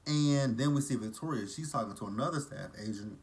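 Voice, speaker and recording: A man's voice: medium pitch, brisk, a little mellow. A man casually recapping a TV episode, with blunt, profane and mocking asides. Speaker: TV episode reviewer.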